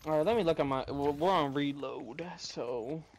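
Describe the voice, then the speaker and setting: Over faint background noise, a young man with a fairly high, creaky voice chats at normal speed while gaming alongside a co-commentator. His storytelling is lively, packed with cursing and frequent laughter.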